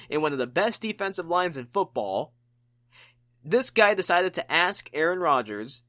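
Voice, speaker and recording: A man with a fairly high voice hosts a solo sports podcast, talking through his opinions with animated emphasis and plenty of restarts. The sound is dry and close, with almost no room in it. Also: no echo. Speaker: podcast host.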